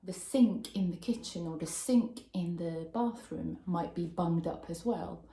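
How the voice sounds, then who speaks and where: A woman's voice: on the low side, measured pace, warm tone. A young woman teaching a vocabulary lesson, explaining patiently and checking in with "okay?". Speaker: English teacher. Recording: roomy echo.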